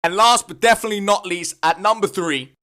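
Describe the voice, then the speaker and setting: A young man vlogging comic rants, swearing constantly and bursting into exasperated shouts. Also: sits high, a little fast. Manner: profane, exasperated ranting with sudden shouts. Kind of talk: comedic rant vlog.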